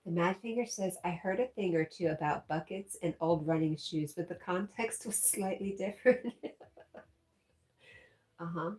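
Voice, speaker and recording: Her voice is lowish and a little mellow, moving at a normal speed. As host of a relaxed livestream, she reads out comments from chat and laughs frequently.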